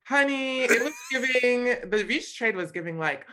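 A woman from California telling a story in a casual, animated way, full of slang and frequent laughter. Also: fairly high pitch, normal speed. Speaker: guest.

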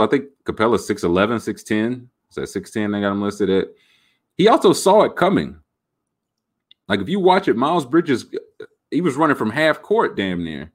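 A man hosting a podcast, rambling about sports in an animated, jokey way. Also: fairly low pitch. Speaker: podcast host. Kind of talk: casual sports talk.

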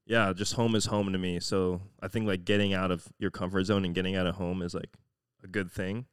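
Low-voiced young man, hesitant reflective chat. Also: flat delivery, fairly quick, clear, resonant tone, no echo, clean studio sound. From Florida. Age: young adult. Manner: hesitant, reflective, many "like" fillers. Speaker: podcast co-host. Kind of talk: casual chat.

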